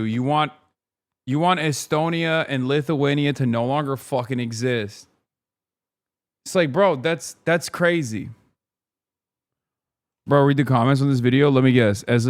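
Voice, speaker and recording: A man's voice: mid-range voice, clear, resonant tone, no room sound, clean studio sound. A man ranting through a casual livestream reaction, swearing and mocking the comments on a video. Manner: profane, animated ranting.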